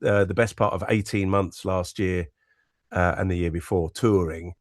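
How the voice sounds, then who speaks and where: A man's voice: low-pitched, steady tone, moderate pace, no room sound, clean studio sound. A man as a comedian guest in casual banter, teasing and playful. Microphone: headphones.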